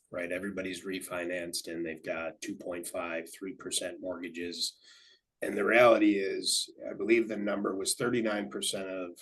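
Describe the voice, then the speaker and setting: A man's voice: sits low, slightly rough, rough recording. A man hosting a real estate webinar, affirming his guest and walking through market statistics. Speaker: webinar host. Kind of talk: webinar interview.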